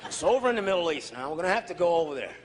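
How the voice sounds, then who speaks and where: A comedian playing a gruff white American official in a deeper, blustering, folksy voice. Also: male voice, big pitch swings, racing, in a large hall, crowd noise, noisy background.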